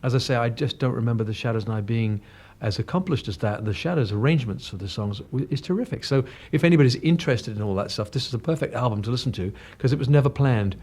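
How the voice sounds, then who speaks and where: A man's voice: mid-range voice, fast, few pauses, a little mellow, husky. A man in his sixties from North London, with an English accent touched by Cockney and a little northern, telling anecdotes in a chatty, self-deprecating way in a radio interview. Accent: English, slightly Cockney and northern. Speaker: guest singer. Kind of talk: casual interview chat. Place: radio studio.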